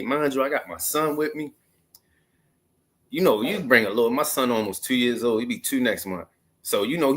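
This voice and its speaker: A man's voice: fairly low pitch, a bit bright. A man in his thirties from Maryland, telling a casual story to the camera in loose, slangy street talk full of asides. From Maryland, USA. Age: 30s. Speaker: vlogger.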